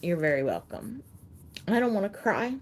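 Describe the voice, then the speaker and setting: A middle-aged woman hosting a casual live chat with her viewers, talking in a halting way and repeating words as she gets emotional. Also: medium pitch, very animated. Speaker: livestream host.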